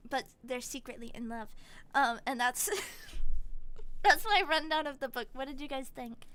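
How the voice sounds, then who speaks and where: A young woman streamer chatting casually, retelling things in an animated way with quick little voices and giggles. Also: fairly high pitch, smooth. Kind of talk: casual chat.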